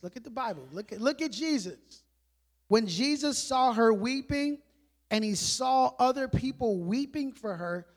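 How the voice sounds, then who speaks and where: High-voiced man preaching conversationally. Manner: conversational preaching, rhetorical questions, drops to quiet emphasis. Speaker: pastor. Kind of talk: sermon.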